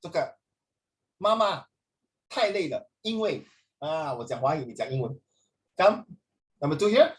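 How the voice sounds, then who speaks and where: A man's voice: fairly high pitch, lively intonation, unhurried, pauses often. Playful male teacher. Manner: playful, teasing, jumps between English and Mandarin. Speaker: English teacher. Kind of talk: online class teaching.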